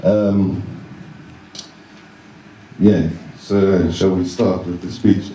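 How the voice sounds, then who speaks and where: A young man giving a best man's wedding speech, halting and self-deprecating, chuckling along with his own jokes. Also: low voice, fairly even intonation, noisy background. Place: wedding reception room. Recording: roomy echo, mic at a distance.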